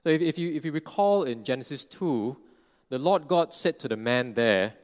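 A male preacher delivering an earnest expository sermon at a medium pitch. He explains patiently, restarting phrases and tossing in quick "right?" asides. His voice rings out with the long reverb of a big church hall. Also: expressive.

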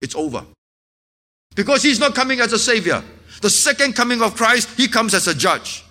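Bright high-voiced male preacher. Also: big pitch swings, moderate pace. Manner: impassioned preaching, dropping to hushed earnest tones. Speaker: pastor. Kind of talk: sermon.

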